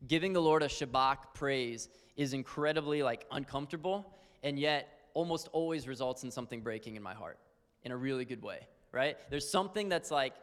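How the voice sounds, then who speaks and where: A man's voice: medium pitch, a little fast, smooth. A man teaching on worship in an earnest, conversational sermon style, full of fillers. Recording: long hall reverb.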